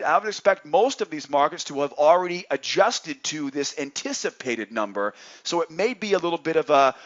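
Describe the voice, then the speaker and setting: A man's voice: a little high, fairly bright tone, lo-fi sound. A man hosting a nightly trading newsletter, talking through market commentary in an upbeat, chatty way and often adding "right?".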